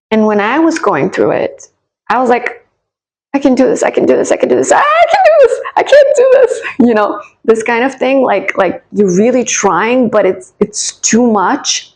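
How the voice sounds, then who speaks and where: A woman's voice: medium pitch, creaky, darkish tone, husky, rough recording. A woman psychic talking straight to her viewers in a soothing, encouraging way, often repeating her phrases. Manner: direct address to viewers. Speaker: psychic and spiritual coach. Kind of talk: casual channeled reading to camera.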